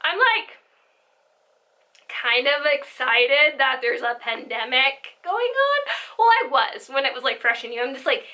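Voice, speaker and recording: A woman's voice: high voice, sing-song, measured pace, sharp tone, poor audio. A young woman telling a rambling, giggly storytime vlog with side tangents. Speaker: vlogger.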